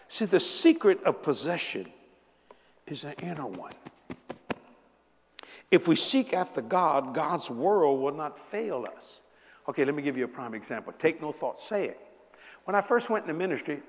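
A man in his seventies preaching a sermon, talking casually with the congregation and telling joking stories. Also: fairly high pitch. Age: 70s. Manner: conversational, joking storytelling with congregation. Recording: long hall reverb.

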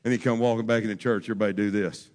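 A pastor delivers a fervent sermon straight to his congregation, using folksy phrasing and swinging between quiet talk and shouting. His voice is fairly low and steady in tone, and he speaks very fast.

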